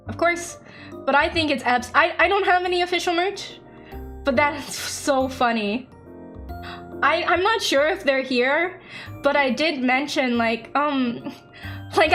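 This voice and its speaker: Excitable high-voiced woman streamer. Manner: excitable, laughing, acts out quoted exchanges. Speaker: VTuber streamer. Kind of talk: casual chat stream.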